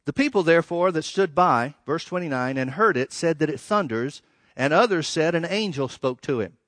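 A man's voice: on the high side, animated, a bit bright, dry recording. A man preaching a sermon, reading verses and explaining them with emphatic rises and dramatic drops. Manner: emphatic, rising and falling, with dramatic pauses.

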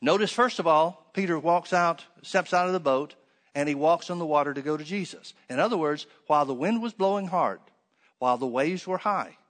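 A man preaching a sermon, reading scripture aloud and then explaining it with rhetorical questions, swinging between loud emphatic stresses and hushed asides. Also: a little high, fairly quick.

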